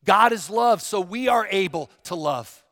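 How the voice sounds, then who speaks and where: A male pastor preaching a sermon, emphatic and dramatic, dropping to a hush and then rising to a shout. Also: high voice, lively intonation, unhurried, in a large hall. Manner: emphatic, swinging from hushed to shouting.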